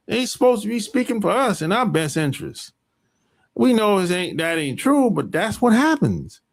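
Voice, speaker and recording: American guy on his podcast going off, profane and rambling, gravelly voice, kinda high. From United States. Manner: rambling, emphatic, profane ranting. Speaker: podcast host. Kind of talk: casual opinion monologue.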